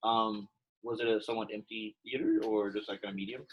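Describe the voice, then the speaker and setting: A young man teaching a Latin class in a relaxed, chatty way, with plenty of fillers. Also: fairly low pitch, fairly quick, lo-fi sound. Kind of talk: casual classroom lesson.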